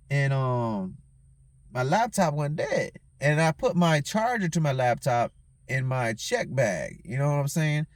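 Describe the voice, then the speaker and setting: A tipsy man telling a story on his own show, cursing heavily and checking in with the listener again and again. His voice sits fairly high for a man. The sound is close and dry, with no room around it. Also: no room sound. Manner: profane, heated, keeps asking "you know what I'm saying". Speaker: host. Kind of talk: casual storytelling rant.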